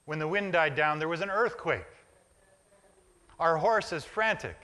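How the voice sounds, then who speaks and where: A man's voice: fairly high pitch, lively intonation, measured pace, pushed and bright. A male pastor preaching a reflective sermon in a church, building images in short, repeated phrases. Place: church sanctuary.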